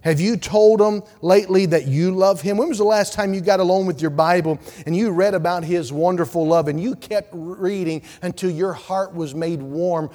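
Male pastor, high-pitched, fervent sermon delivery with hushed asides, long church reverb. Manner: preaching with swells to loud fervor and drops to soft, hushed pleading. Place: church sanctuary.

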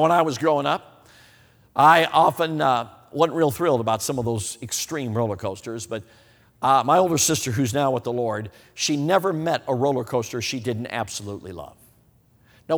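Folksy preacher guy telling funny stories, mid voice, long hall reverb. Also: medium pitch. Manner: folksy, animated, asks the audience. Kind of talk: sermon with humorous storytelling. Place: church hall.

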